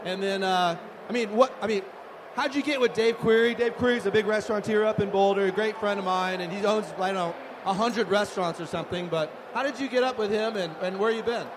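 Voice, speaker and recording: A man's voice: sits high, a little fast, background noise. A man hosting a live event, asking a chef loose, rambling questions with easy enthusiasm. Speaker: event host interviewing the chef. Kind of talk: casual interview banter.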